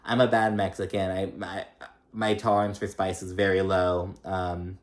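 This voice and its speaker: A young man hosting a casual reality TV recap, chatty and profane, laughing often and mimicking people in a high voice. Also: level tone, normal speed.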